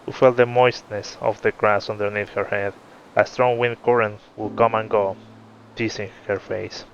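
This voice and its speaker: A man reading a fantasy story aloud in a steady narrating voice, in a muffled recording. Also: on the low side, normal speed, slight background noise. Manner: steady narration, laughs between chapters. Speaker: story reader. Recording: muffled with faint music.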